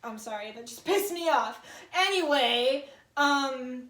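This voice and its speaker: A woman's voice: high-pitched, lively intonation, slow, a bit bright. A woman in her twenties giving a casual tarot reading, chatty and full of filler words and swearing. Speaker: tarot reader. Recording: echoey room.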